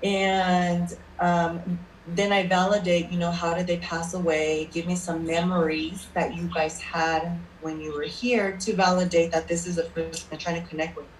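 Woman medium, chatty storyteller, lowish voice, roomy echo, faint background noise. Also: little pitch movement, moderate pace, distant mic. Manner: chatty anecdotal storyteller, checks in with "okay?". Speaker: spirit medium. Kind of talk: casual interview storytelling.

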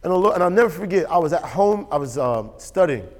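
Man, pastor, sermon, emphatic, repeats himself, higher-pitched voice, long hall reverb. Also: expressive, quick pace. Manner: emphatic and repetitive, asks the audience for assent.

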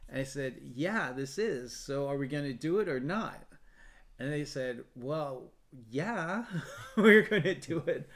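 Man, choir founder, storytelling, animated, quotes people vividly, middle pitch. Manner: animated storyteller, quotes others in lively voices. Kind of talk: storytelling in a casual podcast chat.

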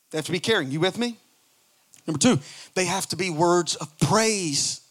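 A man preaching a sermon in a notably high voice. He climbs into loud, shouting emphasis and then drops to quiet, low asides. He acts out quoted lines in mocking little voices. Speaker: pastor.

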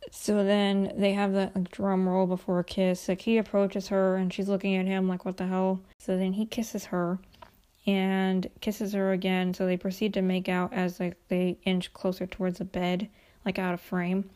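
A woman's voice: mid-range voice, completely flat delivery, moderate pace, warm tone, clear, resonant tone. A young woman casually recapping a TV episode, chatty and gushing, with lots of "like" fillers. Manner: chatty, gushing, heavy use of "like". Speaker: show recapper.

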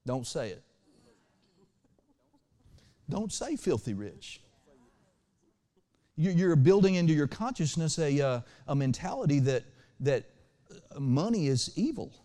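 A man's voice: on the high side, lively intonation, normal speed. Man preaching a sermon in an echoing hall. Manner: preaching with sudden swings between loud and hushed delivery; asks the congregation for responses. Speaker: pastor.

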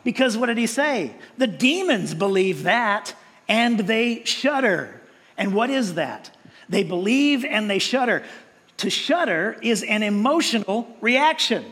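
A man's voice: sits high, big pitch swings, measured pace, a bit bright, in a large hall. A male pastor preaching a sermon in a conversational way, with frequent restarts and playful mimicked voices.

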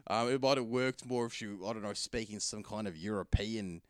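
A man's voice: lowish voice, moderate pace, smooth, no room sound, studio quality. A man chatting casually about films, rambling with lots of fillers and restarts. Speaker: film reviewer. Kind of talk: casual film review chat.

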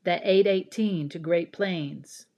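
A woman voicing an impatient male commuter in a slow, clearly spoken English lesson dialogue, loud and indignant. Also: lowish voice. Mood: annoyed. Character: impatient male commuter waiting for a late train.

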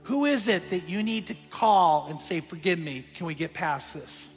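A male pastor preaching a sermon, telling a story that moves between hushed and emphatic passages. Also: high-pitched, expressive, normal speed, in a large hall, soft background music.

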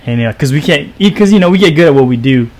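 A man's voice: fairly high pitch, expressive, rapid-fire, darkish tone. A man co-hosting a casual faith podcast, talking in a rambling, reflective way with many fillers. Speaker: podcast co-host.

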